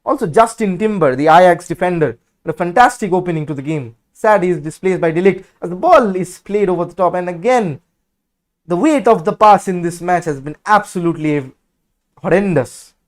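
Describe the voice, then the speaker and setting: High-voiced man doing live match commentary. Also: a little fast. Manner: excitable, blunt and outspoken. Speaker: watch-along host.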